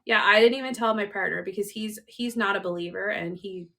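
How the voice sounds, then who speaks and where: Bright, lively Canadian woman telling a story. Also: medium pitch, fairly quick, gravelly. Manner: animated storyteller, acts out quotes with laughter. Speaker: podcast co-host. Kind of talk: casual storytelling chat.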